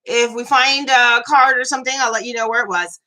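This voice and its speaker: A middle-aged woman hosting a casual live chat, animated and laughing, venting with lots of swearing. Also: fairly high pitch, fairly quick. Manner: animated, laughing, ranting with profanity. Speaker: host.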